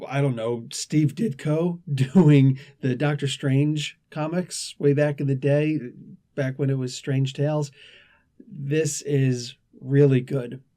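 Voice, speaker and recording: A man's voice: mid-range voice, fairly even intonation, slow, mellow. A man hosting a casual comic book review, talking in a chatty, rambling way with asides and restarts.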